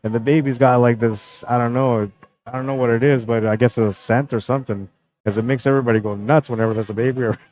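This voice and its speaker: A man's voice: mid-range voice, fairly even intonation, fast, darkish tone, soft background music, rough recording. A young man casually commenting on a pool match on his live stream, chatting with viewers and greeting them by name. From Canada.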